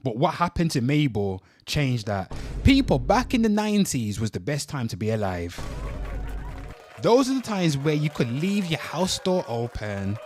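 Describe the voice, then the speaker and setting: Animated English man with a lively voice. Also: on the high side. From England. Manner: animated, swears freely, talks straight to the chat. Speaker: host. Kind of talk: casual reaction commentary.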